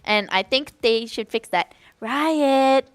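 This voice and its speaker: A young woman giving excitable, giggly color commentary with quick reactions during a live esports broadcast. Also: fairly high pitch, no echo.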